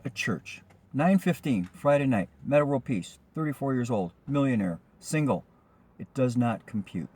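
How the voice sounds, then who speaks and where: A man's voice: mid-range voice, darkish tone. A man, a rideshare driver, telling a personal anecdote in a rambling, chatty way with frequent ums and restarts. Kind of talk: casual spoken anecdote.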